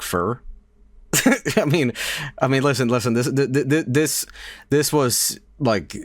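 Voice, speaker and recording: A man's voice: lowish voice, dry recording. A man streaming a reaction to a video, chatting casually in a sarcastic, laughing, rambling way.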